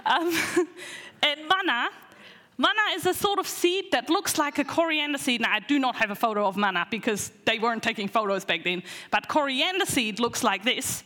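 A woman giving a casual Bible talk to her church, chatty and animated, with lots of fillers and restarts. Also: on the high side, moderate pace, in a large hall. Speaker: preacher teaching a Bible lesson.

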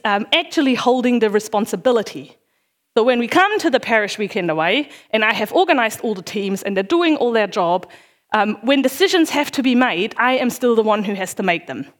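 A middle-aged woman, a parish worker, giving an informal sermon in a chatty, self-deprecating way with many fillers. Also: high voice.

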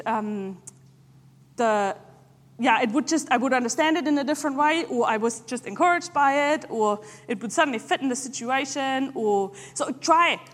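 A woman preaching in a relaxed, conversational way, often pausing on fillers as she gathers her thoughts. Her voice sits high. It rings out with the long reverb of a church hall. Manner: conversational, halting, many filler pauses. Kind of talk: informal sermon.

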